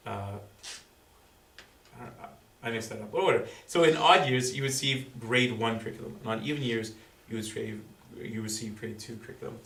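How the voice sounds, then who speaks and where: A man giving a school presentation to parents, explaining in a halting way full of fillers and restarts. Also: lowish voice, fairly bright tone. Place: school room with audience. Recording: roomy, distant, faint background noise.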